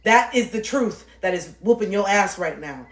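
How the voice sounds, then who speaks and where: A woman livestreamer with an expressive, mid-range voice at normal speed delivers an impassioned motivational monologue of spiritual life advice. Preachy and intense, she swears freely and repeats phrases for emphasis, in an echoey room with faint music behind her.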